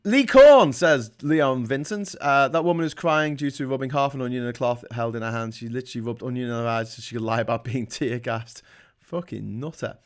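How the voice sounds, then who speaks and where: A man from Liverpool, judging by his Scouse accent, talks a little fast at a medium pitch. On his casual livestream he reads out what viewers write, answering in a blunt, sweary, rambling style.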